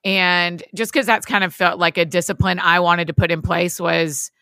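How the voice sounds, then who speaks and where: Woman podcast host, casual chatty talk, laughs a lot, bright and kinda gravelly voice. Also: on the low side, fairly even intonation, normal speed, dry recording, clean studio sound. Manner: laughs often, chatty and warm-humored. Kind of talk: casual chat.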